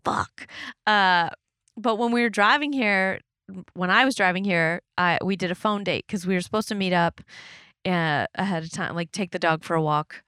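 A woman in her thirties hosting a podcast, telling stories in a casual chat and jumping to high squeaky pitch when she quotes herself. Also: moderate pace, pushed and bright, smooth, dry recording, clean studio sound. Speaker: podcast host.

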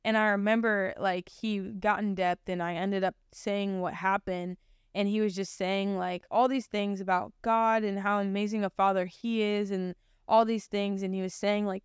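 Young woman rambling through her faith story, lots of likes and ums, smooth voice, dry close sound. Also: mid-range voice, little pitch movement, moderate pace, no room sound. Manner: rambling, filler-heavy storytelling; earnest and emotional. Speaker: podcast host. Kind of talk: personal testimony, casual chat.

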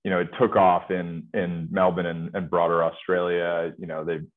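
A man with a very low voice speaks as a company executive in an interview. He talks easily, with lots of filler phrases. The sound comes through a thin, phone-like line. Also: normal speed, a little hiss or hum. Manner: relaxed, full of filler phrases. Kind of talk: conversational interview answers.

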